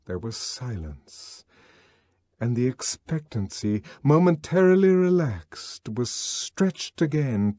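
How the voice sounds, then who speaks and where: A man's voice: medium pitch, dark tone, no echo, studio quality. A man narrating an audiobook in a dramatic, scripted reading.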